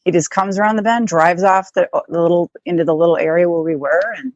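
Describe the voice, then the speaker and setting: A woman's voice: lowish voice, steady tone, fast, darkish tone, no room sound, dull audio. A woman telling a personal story as an interview guest, chatty and casual. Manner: chatty, with many likes and restarts.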